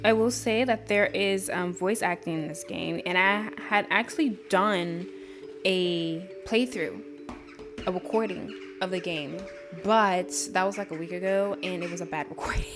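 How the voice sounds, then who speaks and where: A woman's voice: lowish voice, moderate pace. A tired woman streamer chatting casually on a live stream, rambling with lots of fillers. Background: background music.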